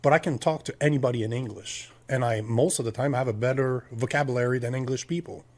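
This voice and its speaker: A man's voice: mid-range voice, steady tone, fast talker, darkish tone. A man in his forties with a French Canadian accent, French his first language, co-hosting a political podcast in an emphatic, ranting way full of rhetorical questions. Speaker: podcast co-host.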